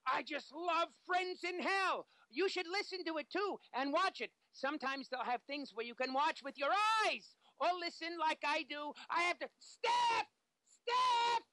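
A man's voice: very high-pitched, big pitch swings, unhurried, no room sound, voice pushed up, heavily acted, low-quality recording. A man voicing a manic, hyperactive male cartoon superhero in a frantic, squealing voice. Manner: frantic, squealing, yells off-mic.

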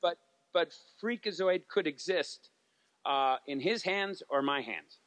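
A man's voice: a little high, expressive, takes it slowly, fairly bright tone, dry recording. A man, a TV animation writer, talking as a guest in a casual interview, telling stories with lots of fillers and restarts.

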